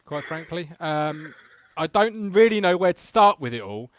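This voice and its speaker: A man hosting a live football fan show, chatty and relaxed, bringing in callers over a video call. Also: fairly high pitch, moderate pace, no echo, studio quality. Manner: relaxed, chatty, laughs along. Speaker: host.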